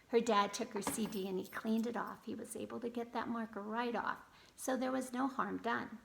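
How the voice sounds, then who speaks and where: Gravelly-voiced woman teaching kindergarten. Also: fairly high pitch, steady tone, moderate pace, a little hiss or hum. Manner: gentle, addresses children directly. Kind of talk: storytelling lesson for children.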